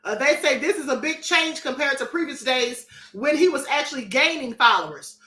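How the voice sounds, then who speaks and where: A woman's voice: sits high, animated, moderate pace, bright, forceful tone, roomy sound. A woman hosting a live-stream commentary show, reading chat comments aloud in a sassy, defiant and emphatic way.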